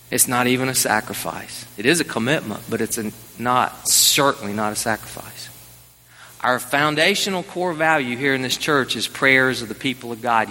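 A male pastor preaching a sermon in a church, with lively emphasis that climbs higher as he drives each point home. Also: long reverb tail, a little hiss or hum. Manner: animated preaching, rising in pitch on emphasis. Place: church sanctuary.

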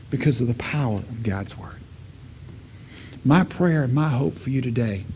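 A middle-aged man preaching a sermon, telling a story and voicing the people in it, swinging from loud to hushed. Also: a little high, highs cut off, a little hiss or hum. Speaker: pastor.

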